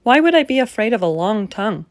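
A woman's voice: a little high, big pitch swings, quick pace, no echo, clean studio sound. A woman doing a picky little boy. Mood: earnest. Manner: fussy, earnest. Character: picky young boy at bedtime.

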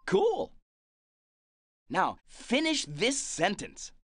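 Friendly cartoon bus driver, slow, super swoopy, dry close sound, asks stuff n praises. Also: female voice, medium pitch, huge pitch swings, dry recording, exaggerated voice. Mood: encouraging. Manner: coaxing, asks questions and praises. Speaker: game guide prompting the player. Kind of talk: children's game prompts.

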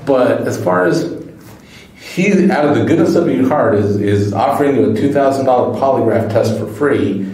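Male detective pressing a suspect, mellow voice, far off in an echoey room, keeps saying okay. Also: medium pitch, moderate pace. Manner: firm, persuasive, repeats "okay?". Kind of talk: police interrogation.

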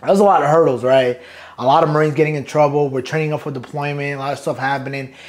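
A middle-aged man from New York, a guest in an interview, telling his stories in a casual, animated and profane way, acting out quotes with laughter. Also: a little high, fast talker.

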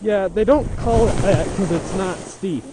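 A man filming himself skiing a steep slope, chatting in a casual, self-mocking, excitable way. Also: high voice, a little slow, background noise. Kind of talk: casual self-filmed commentary. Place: outdoors on a steep ski slope.

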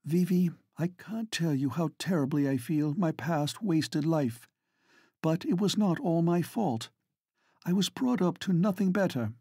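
A man voicing a resolute, earnest aristocratic Edwardian lady in an audiobook, speaking with quiet determination. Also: a little high, slightly rough, no room sound, studio quality, voice pushed up. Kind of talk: audiobook character reading.

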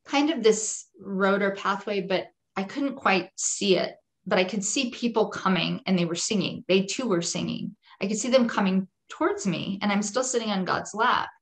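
A woman guest on a podcast, telling a personal testimony in an earnest, vivid way and repeating phrases for emphasis. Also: medium pitch. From Jewish home.

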